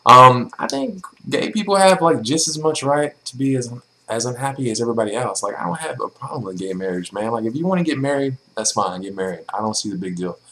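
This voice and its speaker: On a low-quality recording, a young man speaks in a bright, forceful, mid-range voice while responding to viewers' questions in his vlog. His manner is blunt and profane, with lots of filler like um and like.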